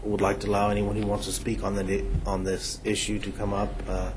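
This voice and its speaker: A man's voice: lowish voice, monotone, fairly quick, noisy background. A man chairing a county commission meeting, inviting public comment.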